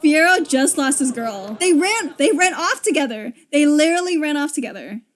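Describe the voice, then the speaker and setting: Brief: young woman, casual reaction commentary, high and animated, faint soundtrack under her. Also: moderate pace, faint music behind. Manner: expressive, laughing, swearing. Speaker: video creator.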